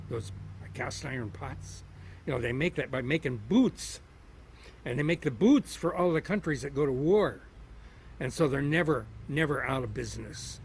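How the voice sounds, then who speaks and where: Lively rambling storyteller man. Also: medium pitch, slight background noise. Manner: rambling with fillers, lilting when telling tales. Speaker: storyteller and performer. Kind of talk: casual storytelling chat.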